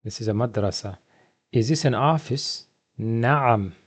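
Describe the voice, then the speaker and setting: A man teaching a beginner vocabulary lesson from slides, asking questions and then slowly repeating each word twice. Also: medium pitch, slightly rough. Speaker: Arabic teacher.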